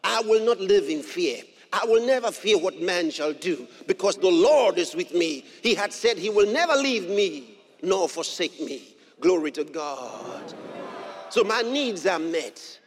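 A male pastor preaches with a high, sweeping voice that climbs and drops across each phrase. He hammers his points home by repeating them and breaks into shouts. The sound carries a long, hall-like reverb. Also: animated, a little slow, a little hiss or hum. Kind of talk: sermon.

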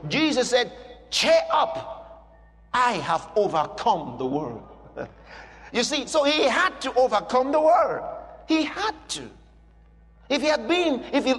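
A man's voice: very high-pitched, long reverb tail. A man preaching a sermon with emphatic, repeated declarations.

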